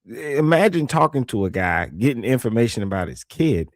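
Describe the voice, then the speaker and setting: A man giving casual reaction commentary on a news clip, animated and swearing, reading viewer comments aloud. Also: medium pitch, moderate pace, no echo, clean studio sound.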